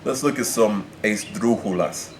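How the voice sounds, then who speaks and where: Man, language teacher, unhurried delivery, patient explainer, spells out letters, faint background noise. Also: lowish voice. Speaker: Spanish teacher. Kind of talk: explaining pronunciation rules.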